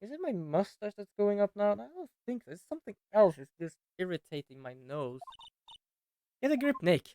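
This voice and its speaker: A man streaming a game, making quiet, rambling casual asides between reading lines. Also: high voice, very animated, fairly quick, hardly any pauses, slight background noise. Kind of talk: casual gameplay commentary.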